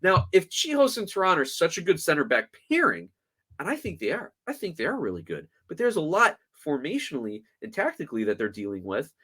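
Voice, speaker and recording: A man's voice: a little high, wildly swooping pitch, a little fast, bright, forceful tone, breathy edge. Exasperated man ranting on a sports podcast. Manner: exasperated, sarcastic, emphatic. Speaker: podcast host. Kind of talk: opinionated sports podcast rant.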